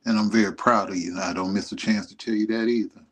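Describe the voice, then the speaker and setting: Middle-aged guy talking to his son on a stream, husky low voice, emotional and rambly. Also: steady tone, fast, fairly bright tone. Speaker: vlogger. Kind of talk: heartfelt message to his son. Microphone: streaming setup.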